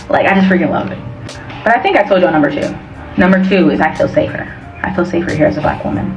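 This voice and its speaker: An American woman vlogger chatting casually and playfully, and she talks fast. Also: on the low side, reverberant, far from the mic, faint music behind, low-quality recording. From United States. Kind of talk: casual vlog chat.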